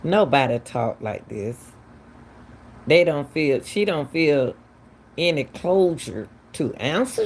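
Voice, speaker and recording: A woman's voice: low-pitched, very animated, takes it slowly, breathy edge. A woman, hosting casual true-crime commentary, talking emphatically and firing off repeated, incredulous questions. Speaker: commentary channel host.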